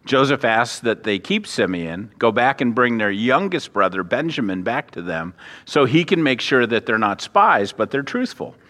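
A male pastor preaches an expository sermon in a reverberant hall, conversational and animated, with self-deprecating asides and acted-out character voices. His mid-range voice moves at a moderate pace.

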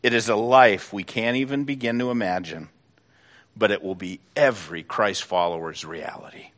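Fervent, low-voiced pastor preaching. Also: male voice, moderate pace. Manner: fervent, building to loud emotional peaks. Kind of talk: sermon.

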